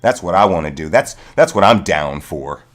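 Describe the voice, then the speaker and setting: Man, low voice, swings up and down a lot, heated swearing rant, livestream host. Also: expressive, moderate pace. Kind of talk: casual political rant.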